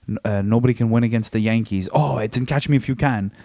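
A man's voice: lowish voice, fast talker, dark tone, dry recording. A man co-hosting a comedy podcast, rambling and stumbling over his words in casual chat. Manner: rambling, stumbles and restarts, laughs often. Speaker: podcast co-host.

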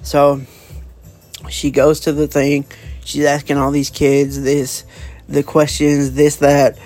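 A man's voice: fairly high pitch, monotone, takes it slowly, darkish tone, soft background music. A man casually recapping a comic book's plot, rambling with lots of fillers, restarts and offhand swearing. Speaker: comic book reviewer.

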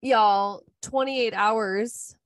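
A woman in her thirties talking casually as a podcast co-host. She tells personal stories in a candid, rambling way, often leaning on "like". Her voice sits at a middling pitch. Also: extremely slow, no echo, studio quality. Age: 30s. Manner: candid, rambling storytelling with frequent "like". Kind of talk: casual chat.

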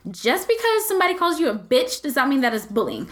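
High-voiced young woman gossiping. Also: fast talker. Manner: animated storytelling, swears freely. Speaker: podcast co-host. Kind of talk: casual gossip chat.

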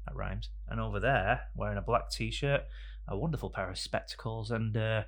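Low gravelly podcast host. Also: male voice, moderate pace. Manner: joking, rambling banter with sudden loud bursts. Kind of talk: casual chat. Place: podcast studio. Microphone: studio microphone.

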